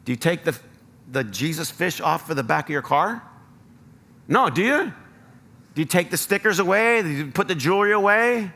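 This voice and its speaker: A man's voice: on the high side, fairly quick, bright, forceful tone, in a large hall. An American man preaching a sermon as pastor, earnest and rising to emphatic appeals. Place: church sanctuary.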